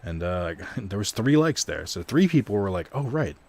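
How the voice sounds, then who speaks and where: A young man chatting loosely over a card video game stream, voice sitting a bit low. He rambles and pokes fun at himself, dropping the odd swear word. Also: very animated, moderate pace, darkish tone. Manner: rambling, self-deprecating, swears casually. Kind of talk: casual gaming stream commentary.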